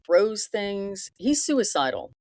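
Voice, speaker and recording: A woman's voice: medium pitch, very animated, slow pace, a little mellow, no echo. A woman co-hosting a podcast, discussing a film earnestly and murmuring agreement while her co-host talks.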